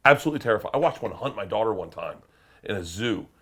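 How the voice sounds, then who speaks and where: A man, an interview guest, telling a story in a loud, excitable way, swearing and breaking into shouted quotes. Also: on the low side, fast talker, husky. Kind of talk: animated storytelling.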